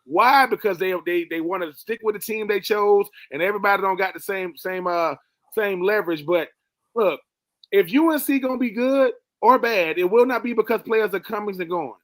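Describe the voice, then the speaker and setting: A man's voice: high-pitched, normal speed, fairly bright tone, no room sound. A man from Georgia with a Southern accent, giving plainspoken, casual opinions on football as a regular panelist. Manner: plainspoken, colloquial opinion talk. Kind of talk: casual sports talk.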